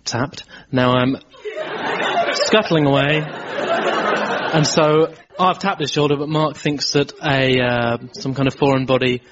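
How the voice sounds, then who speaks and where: A man dryly narrates his own comic antics on stage. The recording is dull and lo-fi, with a loud crowd laughing behind him. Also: medium pitch, fairly even intonation, slow. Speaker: comedy show regular. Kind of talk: playful comic banter.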